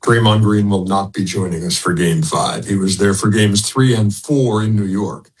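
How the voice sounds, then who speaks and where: A man's voice: on the low side, moderate pace, slightly rough, poor audio. An older man, a sports broadcaster, talking as a guest in a casual radio interview, rambling with frequent restarts and chuckles.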